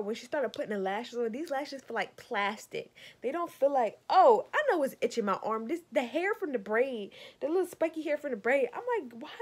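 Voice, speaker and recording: A woman's voice: on the high side, darkish tone, slightly rough. A young woman, telling an exasperated storytime rant to her viewers, often calling them y'all. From Savannah, Georgia. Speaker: vlogger.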